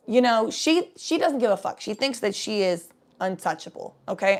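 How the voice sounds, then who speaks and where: Creaky-voiced young woman rambling casually. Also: mid-range voice, big pitch swings, brisk, a little mellow. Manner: rambling, profane, laid-back, with coughing. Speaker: vlogger. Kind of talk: casual storytelling chat.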